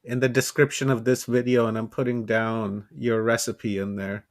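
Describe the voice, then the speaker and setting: A man interviewing a guest, who laughs often and drops in short, soft remarks. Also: medium pitch, little pitch movement, normal speed. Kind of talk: casual interview chat.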